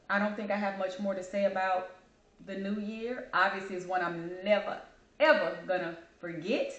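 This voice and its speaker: On her own vlog, a channel host speaks candidly to camera, grieving and fighting back tears, and addresses her viewers as y'all. Her voice is medium in pitch, and the room sounds echoey.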